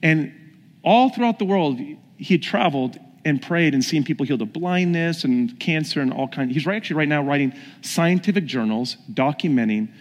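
A pastor preaches a sermon built on storytelling, putting questions to his congregation. His fairly high voice has lively intonation and a normal pace, heard through long hall reverb.

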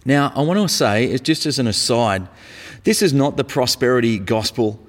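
Male preacher, mid-pitched, casual and emphatic delivery, long hall reverb. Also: lively intonation, moderate pace. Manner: conversational, emphatic, uses casual slang. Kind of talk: sermon. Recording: echoey hall.

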